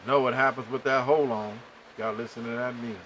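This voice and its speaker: A man hosting a podcast, telling a story to listeners in an animated way and acting out the dialogue. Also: mid-range voice, fast, slight background noise, low-quality recording. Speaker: podcast host.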